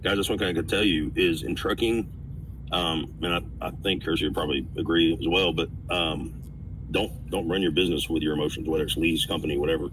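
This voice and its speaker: A man's voice: low-pitched, fairly even intonation, brisk, far from the mic, background noise. A man trucker hosting a casual podcast, giving emphatic advice to other drivers.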